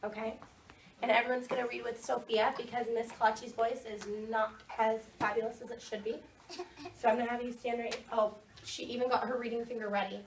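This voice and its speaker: A woman with a fairly high voice runs a second grade reading lesson, upbeat and directing the children. She is picked up from across the room, and the classroom echoes around her. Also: little pitch movement, a little fast, creaky, far from the mic, a little hiss or hum.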